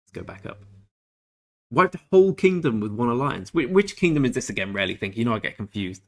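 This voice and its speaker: A man's voice: mid-range voice, big pitch swings, fast talker. A laid-back young Englishman streaming a game and chatting with viewers in a jokey, easygoing way. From England. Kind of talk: casual livestream chat with viewers.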